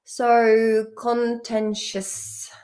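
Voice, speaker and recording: A woman's voice: fairly high pitch, completely flat delivery, extremely slow, a little mellow. A woman teaching vocabulary in a casual, playful study-along lesson, chatting and swearing at the dictionary as she goes.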